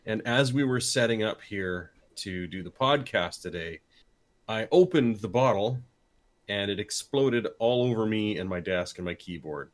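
Brief: male podcast co-host, lowish voice with lively pitch swings, deadpan delivery. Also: moderate pace. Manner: deadpan, repeats phrases for comic effect. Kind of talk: casual podcast chat.

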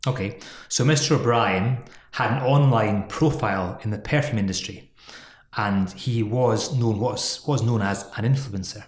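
A man's voice: lowish voice, a little slow. Teasing man in a roomy space. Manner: jokey, teasing, laughs often. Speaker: podcast co-host. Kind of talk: casual chat about an employment law case.

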